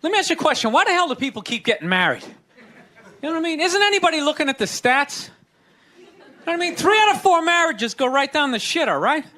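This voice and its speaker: High-pitched ranting stand-up comic with a Boston accent. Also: male voice, very animated, fast. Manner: ranting, sarcastic, shouting punchlines. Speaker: stand-up comedian. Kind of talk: stand-up comedy set. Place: comedy club stage before a live audience. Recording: live show with loud crowd laughter.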